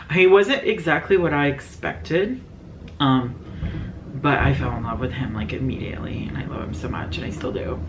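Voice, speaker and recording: A woman's voice: low voice, a little hiss or hum. A woman beauty vlogger answering viewer questions in a casual, rambling chat full of fillers.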